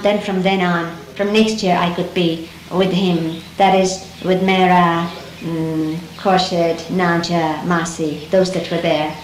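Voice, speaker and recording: A middle-aged woman, a native Dari speaker, recalls memories in a gentle, reflective way, pausing and restarting often. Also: on the low side. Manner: gentle, unhurried, reflective, with many pauses and restarts. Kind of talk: reminiscing storytelling talk. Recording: roomy archival 1970s tape with faint hiss.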